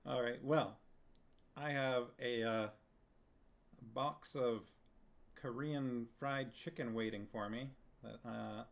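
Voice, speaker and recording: A man with a medium-pitched voice and vocal fry streams a book reading, chatting casually with viewers. He laughs often and reads their comments aloud.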